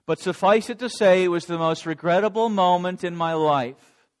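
A man's voice: high-pitched, moderate pace, close to an everyday voice. A man playing a remorseful disciple. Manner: dramatic first-person storytelling. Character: remorseful adult male disciple recounting denial. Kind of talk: first-person dramatic monologue.

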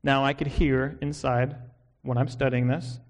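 A man with an American accent preaching an expository sermon as a pastor, earnest and measured, posing rhetorical questions. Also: medium pitch, little pitch movement.

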